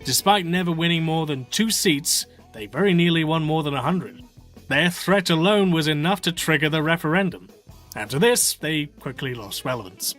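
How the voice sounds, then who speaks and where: Measured male video essayist over faint music. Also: a little high, lively intonation, fairly bright tone. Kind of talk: scripted political video essay.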